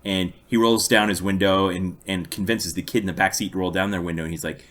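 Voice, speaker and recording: Man, podcast co-host, deep voice, dry storyteller. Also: steady tone, a little fast, a bit bright. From United States. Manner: long anecdotes told with dry amusement. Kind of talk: casual chat, storytelling.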